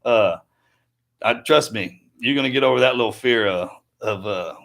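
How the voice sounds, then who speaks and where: A man's voice: medium pitch, normal speed, fairly bright tone. Laid-back storytelling man. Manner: storytelling, laid-back, repeats words as he starts. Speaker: podcast co-host. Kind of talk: casual live-stream chat.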